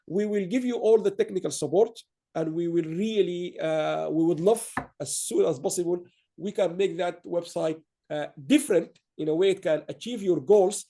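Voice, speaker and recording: A man hosting an online awards ceremony. His voice sits high and is gravelly, with a dark, mellow tone. He rambles warmly through praise and stops to restart his sentences. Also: moderate pace. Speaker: awards host.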